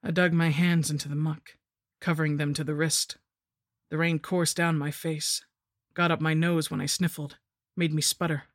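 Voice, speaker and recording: A woman narrating a first-person gothic horror story in a measured, dramatic storytelling manner. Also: low voice, level tone, no echo, studio quality.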